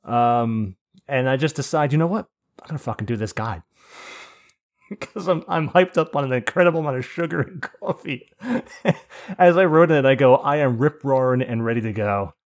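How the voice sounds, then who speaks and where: A man's voice: fairly high pitch, moderate pace. A man hosting a podcast in casual chat, telling rambling stories with swearing and laughs. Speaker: podcast host.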